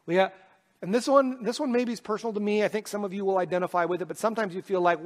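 A man preaching a sermon as pastor, moving from quiet, personal reflection to loud, impassioned calls. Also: sits high, very fast. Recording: long hall reverb.

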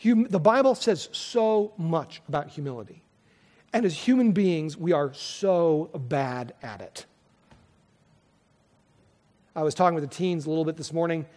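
A man's voice: a little high, expressive, normal speed, darkish tone, long reverb tail. A man preaching a sermon as pastor, earnest and conversational, often restarting his sentences.

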